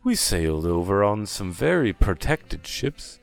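Brief: forgetful, friendly human guide, played by a man, low and lively, faint music underneath. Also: a little slow, creaky, heavily acted. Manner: rambling, friendly and a little scatterbrained.

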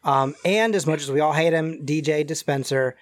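A man's voice: on the high side, moderate pace, dry recording. A man narrating as game master of a tabletop game, hesitant with many fillers.

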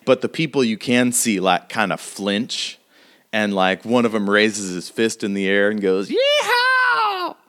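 A man with a somewhat low voice narrates a tabletop role-playing session as game master. He describes scenes in a loose, conversational way, full of fillers and restarts. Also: fairly even intonation, moderate pace, a bit bright.

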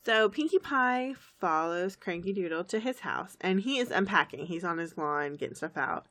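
A woman's voice: lowish voice, normal speed. A woman co-hosting a podcast, chatting and giggling as she recaps a cartoon episode. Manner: chatty, giggly, lively retelling. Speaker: podcast co-host.

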